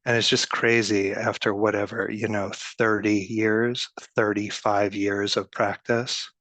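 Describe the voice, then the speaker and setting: A man's voice: lowish voice, a bit bright, breathy edge, no room sound. A man reading aloud a voicemail from an eager, rambling male friend who is a longtime meditator.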